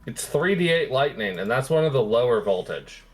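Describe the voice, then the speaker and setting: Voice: medium pitch, sing-song, moderate pace. A person running a tabletop game as game master, narrating and laughing often.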